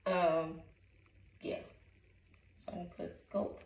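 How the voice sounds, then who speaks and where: A woman's voice: lowish voice, takes it slowly, pauses often. A woman working as a reading coach, giving a phonics lesson in a patient manner and repeating each word syllable by syllable. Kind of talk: phonics lesson, sounding out words. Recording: echoey room, voice from a distance.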